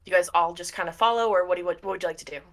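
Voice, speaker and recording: A woman's voice: lowish voice, rapid-fire. A woman narrating as game master of a tabletop game, casual and full of fillers.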